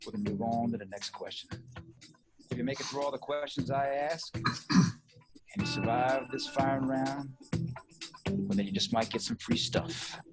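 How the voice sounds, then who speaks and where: A man voicing a swaggering, mock-menacing cowboy quiz host with a drawl, recorded over a loud music bed. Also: medium pitch, normal speed, long pauses, close to an everyday voice.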